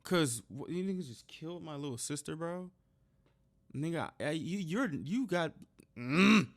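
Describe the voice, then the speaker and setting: Man, reaction host, a bit high-pitched, casual, profane commentary. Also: expressive, unhurried. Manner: blunt, swears, slangy interjections.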